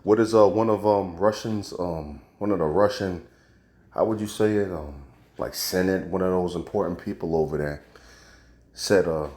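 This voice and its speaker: Man, deep, casual street-slang commentator with a preacher's bent. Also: animated, normal speed, a little mellow. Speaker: religious commentator. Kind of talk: casual commentary on news and prophecy.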